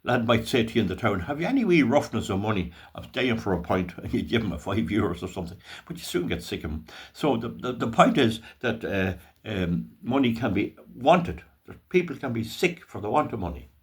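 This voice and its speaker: A man's voice: lowish voice, animated, a little fast, hardly any pauses. An older Irish man hosting his own channel, talking in a folksy, rambling monologue with restarts and asides. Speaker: channel host. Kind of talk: casual monologue.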